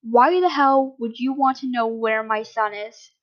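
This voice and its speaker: A woman's voice: fairly high pitch, fairly even intonation, unhurried, lo-fi sound, close to an everyday voice. A woman reading aloud, voicing a captive king who answers his captors with sarcasm and clipped anger. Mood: defiant. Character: angry defiant captive male king.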